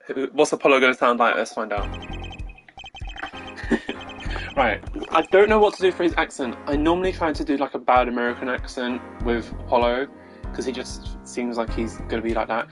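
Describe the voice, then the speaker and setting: Brief: British guy, mid pitch, casual rambling streamer commentary, self-deprecating. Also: moderate pace, a bit bright, faint music behind, rough recording. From Britain. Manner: chatty, self-deprecating, trailing off. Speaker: gaming streamer.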